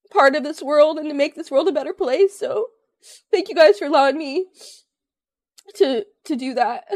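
High-pitched woman streamer crying and laughing, keeps breaking off, faint music behind. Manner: tearful, laughing, breaking off mid-sentence. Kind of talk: emotional live-stream reaction.

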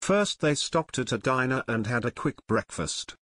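A man narrates a full audiobook in a steady, scripted storytelling voice. His pitch sits in the middle range. The recording is dry and close, with no room sound. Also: moderate pace, no room sound.

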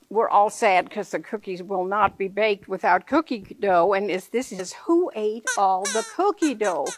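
A woman reading a picture book aloud to children, playful and full of questions for her listeners. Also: on the high side.

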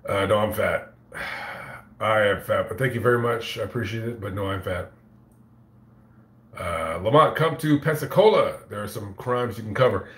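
A man with a lowish, fairly bright voice speaks at normal speed, and the recording sounds roomy. He's a YouTuber telling a casual story to camera and reading chat, profane and rambling, with lots of stammered restarts.

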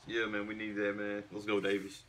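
A young man giving an excited, casual reaction to a basketball game, repeating exclamations and ending his lines with "man" and "bro". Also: on the low side, a little fast. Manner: hyped, repetitive exclamations, trailing "man" and "bro". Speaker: sports reaction vlogger. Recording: faint music behind.

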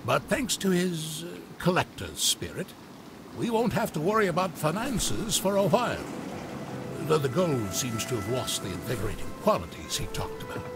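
An actor voicing a calm, courteous professor in a game cutscene. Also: male voice, fairly high pitch, moderate pace. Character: composed older male professor. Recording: game audio with music.

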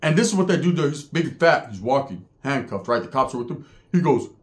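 Animated man telling a street story. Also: medium pitch, quick pace. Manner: street slang, animated retelling, mimics other inmates' voices. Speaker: podcast storyteller. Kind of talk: casual storytelling.

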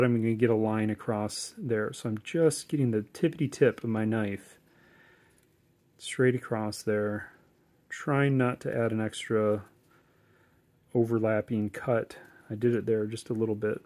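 Male woodcarving instructor, casual and chatty, medium voice, home tutorial. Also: mid-range voice. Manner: relaxed, chatty, corny jokes, many fillers.

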